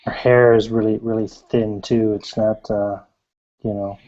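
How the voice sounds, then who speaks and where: Laid-back game master with a dark voice. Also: male voice, fairly low pitch, little pitch movement. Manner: laid-back, chuckling, halting. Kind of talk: narrating a tabletop game. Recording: slightly muffled.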